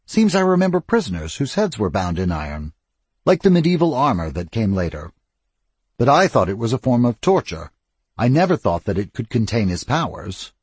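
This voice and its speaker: Narrator voicing reflective vampire elder, measured, husky, lively inflection, audiobook. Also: male voice, medium pitch, dry recording. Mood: pensive.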